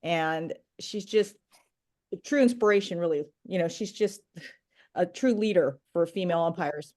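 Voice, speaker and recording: A woman umpire answering calmly and plainly as a guest in a casual interview. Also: lowish voice, normal speed.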